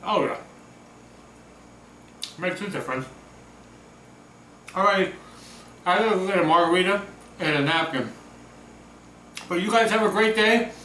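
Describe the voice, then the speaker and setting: A man in his home kitchen runs a cooking demo, chatty and upbeat, talking with his mouth full over food sizzling on the grill. His high, pushed, bright voice moves a little slowly with frequent pauses, recorded from a distance off-mic with roomy echo and slight background noise.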